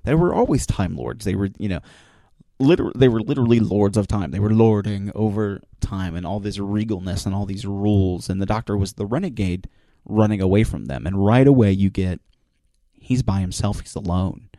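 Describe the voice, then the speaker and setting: A man's voice: on the low side, moderate pace, warm tone, no echo, studio quality. A man casually recapping a TV episode for his listeners, retelling it with enthusiasm, rambling and restarting as he goes. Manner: enthusiastic storyteller, acts out quoted lines.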